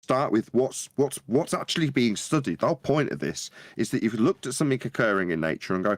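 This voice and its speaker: A man in animated podcast chat, who tells stories and acts out quotes in a high voice. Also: fast, few pauses, no echo, studio quality. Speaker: podcast panelist. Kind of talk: casual chat.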